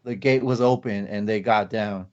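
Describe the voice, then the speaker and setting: A man's voice: on the low side, steady tone, moderate pace, darkish tone. A man hosting a podcast, telling a long story in casual chat, rambling with lots of fillers. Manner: rambling, many fillers, acts out quotes. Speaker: podcast host. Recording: slightly dull lo-fi podcast audio.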